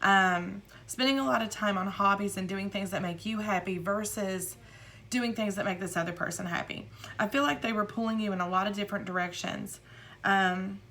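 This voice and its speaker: A woman's voice: medium pitch, steady tone, normal speed, a bit bright. A woman giving a casual tarot reading, rambling and repeating her words, often acting out imagined quotes. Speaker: tarot reader.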